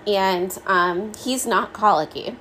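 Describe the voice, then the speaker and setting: Chatty mom podcaster, candid and rambling. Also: female voice, mid-range voice, slow, a bit bright, a little hiss or hum, low-quality recording. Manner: chatty, candid, many "like" fillers. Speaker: podcast host. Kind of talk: casual solo podcast chat.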